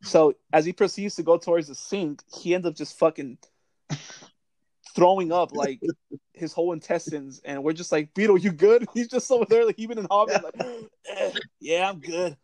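A man's voice: a little high, moderate pace, a little mellow, no echo. A young man hosting a casual chat, telling old service stories, swearing freely and laughing often. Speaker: podcast host.

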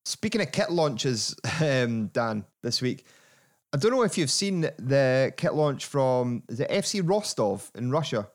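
A man hosting a casual football podcast, chatty and quick to laugh. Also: mid-range voice. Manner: chatty, laughing, animated asides. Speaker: podcast host.

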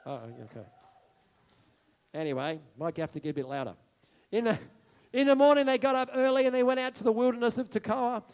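A male preacher with a very high voice delivers an impassioned sermon. He repeats key phrases for emphasis and moves from soft asides to ringing declarations. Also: lively intonation, a little fast, long pauses, clean tone.

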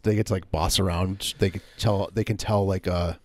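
A man co-hosting a comedy podcast, playing along deadpan with halting, restarting sentences. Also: low-pitched, no echo, clean studio sound. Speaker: podcast co-host. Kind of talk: improvised comedy banter.

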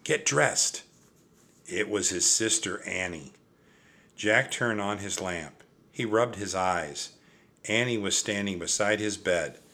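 An older man reading a children's chapter book aloud, with a gentle, reassuring manner. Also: low-pitched, unhurried. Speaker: storybook reader. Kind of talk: children's story read-aloud.

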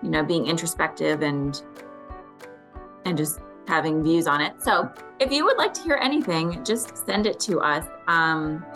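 A woman's voice: sits low, animated, moderate pace, a bit bright, soft background music. A woman co-hosting a podcast, talking in an encouraging, reflective way. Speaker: podcast co-host. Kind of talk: casual chat.

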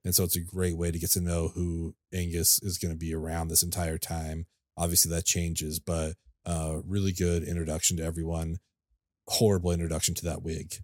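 A man with a very low voice talks loosely through a film discussion, his sentences wandering with plenty of fillers. The sound is dry and close, like a home podcast mic. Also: fairly quick, dry recording. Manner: relaxed, rambling with many fillers. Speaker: podcast co-host. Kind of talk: casual chat.

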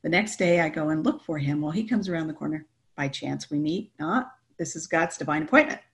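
Woman, middle-aged, gravelly, lower voice, animated storytelling. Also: fairly quick. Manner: animated storytelling, laughing often. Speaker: guest telling her story. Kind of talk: personal testimony chat.

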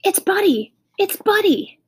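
A woman's voice: very high voice, big pitch swings, unhurried, slight background noise, pitched above the performer's own voice, full character voice. A woman voicing a little girl who is overjoyed at finding her lost dog, in a storybook reading. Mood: excited.

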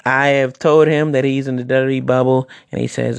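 A man's voice: medium pitch, fairly even intonation, normal speed, gravelly, few pauses, no echo. A man who wrestles, hosting a casual podcast monologue, rambling and opinionated, with many restarts.

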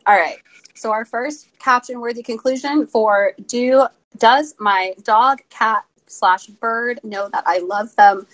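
A woman's voice: a little high, slow pace, a bit bright, low-quality recording. A young woman co-hosting a podcast, teasing her co-host in casual chat. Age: young adult. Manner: teasing, wry.

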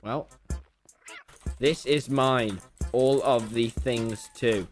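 A young man streaming a game live, loud, boastful and jokey, often yelling and laughing at his chat. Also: mid-range voice, steady tone, drawn-out words, faint music behind. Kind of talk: excitable gaming livestream chat. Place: home room.

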